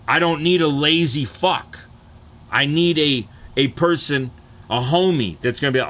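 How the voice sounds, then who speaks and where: A man's voice: mid-range voice, animated, normal speed, sharp tone. A man from the Detroit area, ranting casually and profanely on a livestream and often asking "you know what I'm saying".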